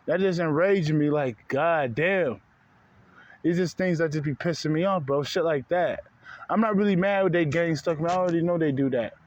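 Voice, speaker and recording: Dull audio carries the high voice of a male spiritual vlogger ranting casually at the camera. His tone is heated and profane, he loops back over the same points, and he calls his viewers "bro" again and again.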